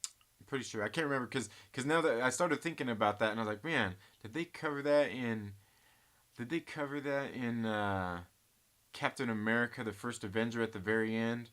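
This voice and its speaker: A man with a mid-range voice, talking fairly quickly, hosts a casual live movie chat stream. He reads viewer comments aloud and thinks out loud, frequently restarting his sentences.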